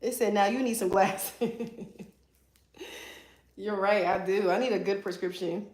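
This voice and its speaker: A woman's voice: medium pitch, unhurried, darkish tone, echoey room. A woman from the East Coast of the US, a hairstylist chatting casually on a livestream while she works, teasing her viewers and swearing freely. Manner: playful teasing, joking with the chat, swears freely. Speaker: hairstylist livestreaming a color removal. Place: salon suite.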